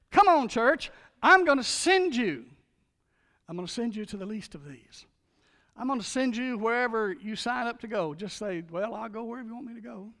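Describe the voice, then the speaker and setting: A man preaching a sermon as a pastor, swinging from loud, driving calls to hushed, earnest appeals. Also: high voice, long reverb tail.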